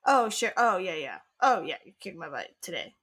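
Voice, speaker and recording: A woman's voice: lowish voice, sing-song, normal speed, crowd noise. Bubbly, giggly female podcast co-host. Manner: bubbly, laughs often, teasing. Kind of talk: casual chat.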